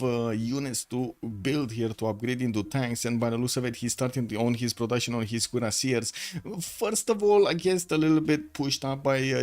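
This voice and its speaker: Man casting a strategy game. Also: medium pitch. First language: Romanian. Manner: chatty, thinks aloud with many fillers. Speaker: esports caster. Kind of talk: live game commentary. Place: home room with the window shut.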